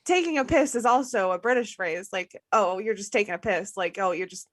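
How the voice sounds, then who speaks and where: A woman's voice: mid-range voice, fairly quick, no room sound, clean studio sound. A woman co-hosting a casual movie review podcast, talking in an exasperated way and laughing often. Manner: laughing, exasperated, takes notes. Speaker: podcast co-host.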